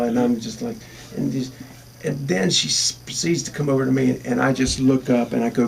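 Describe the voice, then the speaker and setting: A man's voice: medium pitch, big pitch swings, a little fast, vocal fry, distant mic, slight background noise. A man telling a funny road story in a casual interview, acting out the quoted lines.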